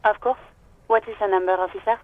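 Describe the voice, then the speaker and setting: A brisk radio dispatcher. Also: female voice, medium pitch, steady tone. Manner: brisk, polite, efficient. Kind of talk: video game voice acting. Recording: dull noisy radio line.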